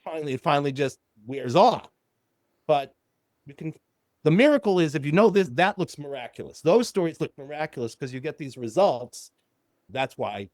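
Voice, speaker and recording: An older man, a psychologist guest on a podcast, telling a client story and acting out the dialogue in animated quotes. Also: medium pitch, no room sound, studio quality.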